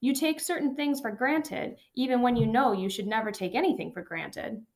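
A woman reading an audiobook and voicing an old, dying male professor who speaks gently and accepts his fate. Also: a little high, lightly acted. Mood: teaching. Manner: gentle, measured, unhurried. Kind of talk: audiobook narration.

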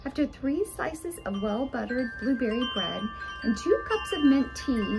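A woman reading a children's storybook aloud in an expressive, sing-song way. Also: on the high side, measured pace, gravelly, music in the background. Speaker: storybook reader.

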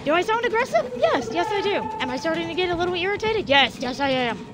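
A woman's voice: very high voice, big pitch swings, quick pace, over loud music. A young woman streaming a game live, talking to the characters, getting frustrated and swearing. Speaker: gaming streamer. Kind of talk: live gameplay commentary. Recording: noisy background.

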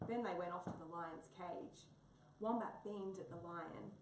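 A woman reading a children's story aloud in a steady way, recorded in a roomy space from a distance. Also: lowish voice, a little slow, a little hiss or hum. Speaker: reader. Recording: roomy, distant mic, faint ambience.

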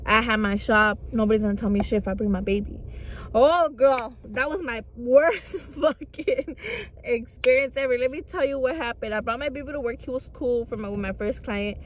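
A woman's voice: a little high, normal speed. A young woman, a vlogger and makeup artist, chatting candidly to camera, swearing freely and mixing into her English. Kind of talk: casual chat to camera. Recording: noisy traffic background.

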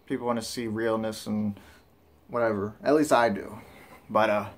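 A man's voice: fairly low pitch, fairly even intonation, normal speed. Rambling casual man. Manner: rambling, loose and candid, with many fillers. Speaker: vlogger. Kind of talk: casual vlog talk.

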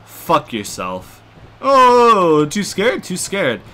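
A man's voice: medium pitch, expressive, moderate pace, sharp tone. A man playing a wrestling video game, ranting and swearing angrily at it as he plays. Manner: angry swearing rants at the game. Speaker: gamer. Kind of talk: let's play commentary.

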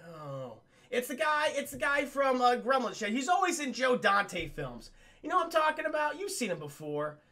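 A man recaps a movie for his livestream chat in a loose, rambling way, swearing freely and calling out to the chat every few lines. His voice sits high for a man and has a bright, sharp edge. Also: sing-song, moderate pace. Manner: rambling, profane, keeps addressing the chat. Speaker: streamer reviewing a film.

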